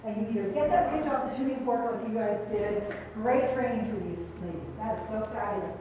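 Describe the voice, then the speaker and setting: A woman's voice: a little high, a little fast, noisy background. Upbeat woman coaching a choir in a hall. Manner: upbeat, encouraging, asks the singers questions. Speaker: choir festival clinician. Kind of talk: choral clinic feedback to a choir. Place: large performance hall. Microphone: distant room mic. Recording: echoey hall, distant mic, muffled.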